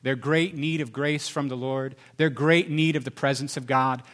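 A man preaching a sermon as pastor, swinging between loud emphasis and soft, confessional asides. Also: mid-range voice, fairly even intonation, moderate pace.

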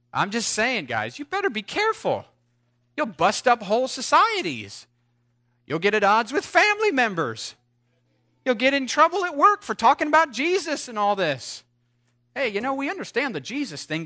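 A man preaching a sermon, shifting between playful ironic warnings and rising, exclaimed highs, with hushed asides in between.

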